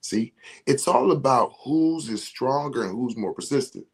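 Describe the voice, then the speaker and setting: A man's voice: mid-range voice, lively intonation, moderate pace, slightly rough. A man leading a motivational spiritual talk, preaching emphatically and speaking straight to his listeners as a ceremony facilitator.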